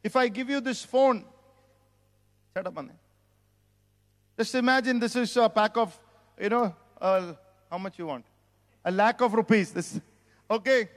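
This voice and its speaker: High-voiced Indian pastor in a reverberant hall. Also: male voice, unhurried, long pauses. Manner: exclamatory, peppered with hallelujahs and praise the Lord. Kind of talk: sermon. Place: church hall. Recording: long church hall reverb.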